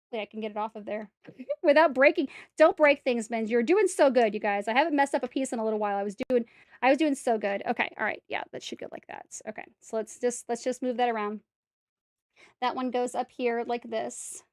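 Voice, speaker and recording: Her voice is a little high and quick, captured at studio quality with no room sound. She's streaming a brick-set build, talking easily with her audience and muttering to herself as she corrects errors, narrating each step in a casual way.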